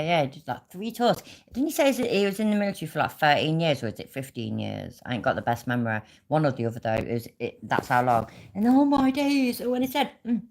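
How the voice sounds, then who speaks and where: A woman's voice: extremely low pitch, a little mellow. A British woman hosting a livestream, ranting angrily with heavy swearing and answering chat viewers by name. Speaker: livestream host. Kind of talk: casual livestream rant.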